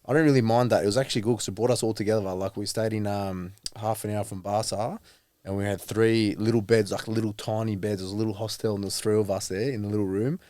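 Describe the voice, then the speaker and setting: A man's voice: fairly low pitch, a little mellow, no echo. A young man, a rugby player guest on a podcast, talking in a laid-back, rambling way. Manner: laid-back, rambling, lots of fillers and laughs. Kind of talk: casual chat.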